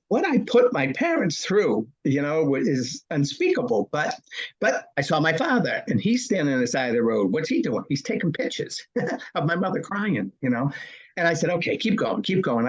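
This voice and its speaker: Husky punchy man in his sixties. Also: fairly high pitch, highs cut off. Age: 60s. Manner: punchy storyteller who asks and answers his own questions. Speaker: guest. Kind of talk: storytelling interview.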